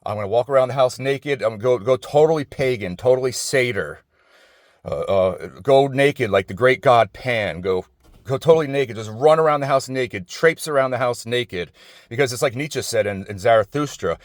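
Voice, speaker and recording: A New Jersey vlogger in middle age talks outdoors by an office building in a mid-range, brisk voice. His monologue is personal, profane, and full of digressions and restarts, captured in clean studio-quality sound with no echo.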